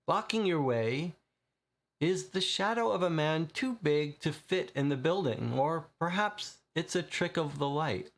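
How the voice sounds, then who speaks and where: A man's voice: a little high, expressive, a little slow. A man reading a gamebook aloud to viewers and explaining his choices as he goes. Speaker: player and reader of a gamebook. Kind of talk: reading a game aloud with commentary.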